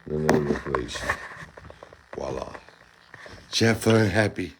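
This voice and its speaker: A man's voice: a bass voice, lively intonation, slow pace, a little hiss or hum. A man hosting a home video, playfully coaxing and cheering on his pet monkey indoors. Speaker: pet monkey owner and channel host. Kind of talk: casual video narration to a pet.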